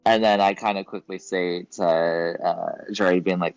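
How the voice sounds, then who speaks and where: Low-voiced man playing a tabletop game. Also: fairly even intonation, moderate pace, no echo, faint music behind, poor audio. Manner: casual, laughing, describes his character's actions. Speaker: player. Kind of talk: tabletop role-play.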